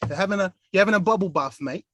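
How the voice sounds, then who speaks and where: A man's voice: sits high, rapid-fire, a bit bright, pitched above the performer's own voice. A man voicing a swaggering young tough with slangy, confrontational talk. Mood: menacing. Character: swaggering young male London street tough.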